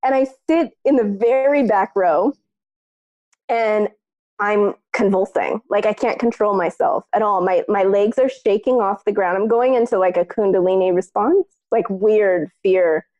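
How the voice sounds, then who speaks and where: A woman co-hosting a podcast, telling a personal story in casual chat, lively and peppered with "like", acting out what others said. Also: mid-range voice, measured pace, highs cut off. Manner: animated, acts out other people's lines in the story; frequent filler "like". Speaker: podcast co-host.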